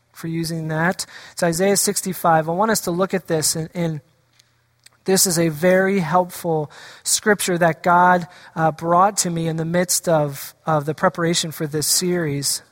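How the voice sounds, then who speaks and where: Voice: mid-range voice, steady tone, moderate pace, long reverb tail. A pastor preaching a sermon in a church, asking the congregation rhetorical questions and acting out the voices of scripture. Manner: acts out quoted voices of scripture. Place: church sanctuary.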